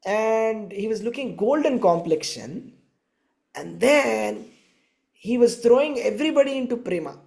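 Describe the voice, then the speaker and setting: A man's voice: sits high, creaky, dark tone, voice pushed up, full character voice. A man voicing the young goddess Radharani as she eagerly recounts a dream, in a storytelling sermon. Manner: earnest, wondering retelling of a dream.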